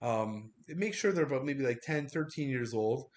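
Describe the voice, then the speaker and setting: A man's voice: medium pitch, animated, normal speed, a little hiss or hum, close to an everyday voice. A man voicing a laid-back male vampire lord who hands out orders in casual slang, as an improvised comic bit. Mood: nonchalant. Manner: casual, slangy, offhand commands.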